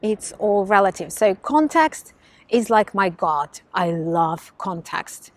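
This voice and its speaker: A woman from Russia with a subtle Russian accent touched by Australian influence, talking casually to camera as a life coach in a candid, animated way. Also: medium pitch, slow. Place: home in London.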